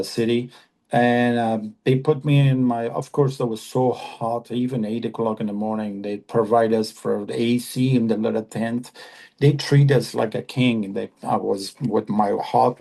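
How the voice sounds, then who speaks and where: A man in his fifties from Afghanistan, an actor guest on a podcast interview, talking earnestly and haltingly with many repeated phrases. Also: medium pitch, gravelly, warm tone, breathy edge.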